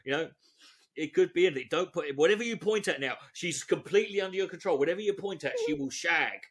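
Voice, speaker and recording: A man's voice: on the high side, fairly bright tone, slightly rough. A man hosting a comedy show, mockingly reading out a dating guide with sarcastic asides, frequent giggles and swearing. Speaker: comedy podcast host.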